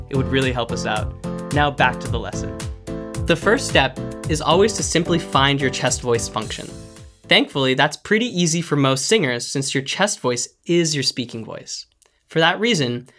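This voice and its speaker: A vocal coach giving calm, clear, step-by-step instructions in a scripted singing lesson. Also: mid-range voice.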